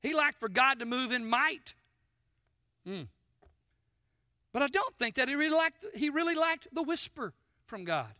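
A man preaching a sermon with a high, sharp, bright tone. He throws questions at the congregation and drops from forceful emphasis to near-whispers. The sound is close and dry. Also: animated, normal speed, long pauses, no room sound. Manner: addresses congregation with call-and-response questions; swings between loud emphasis and soft near-whispers. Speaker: pastor. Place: church sanctuary.

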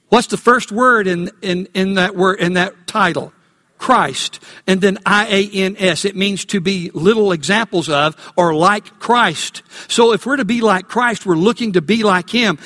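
A man preaching a Sunday sermon as pastor, asking the congregation questions and slowing down to stress key words. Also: high-pitched, a bit bright, in a large hall. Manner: call-and-response questions to congregation. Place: church.

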